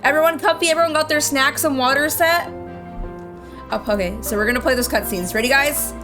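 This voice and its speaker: A woman's voice: high voice, fairly quick. Gushing young woman streamer. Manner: emotional, gushing, rambling with restarts. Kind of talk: casual gameplay commentary. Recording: game audio with music behind.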